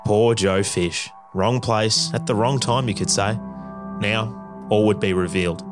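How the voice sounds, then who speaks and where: Low male documentary narrator over music. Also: steady tone. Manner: measured, dramatic voice-over. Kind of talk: scripted narration.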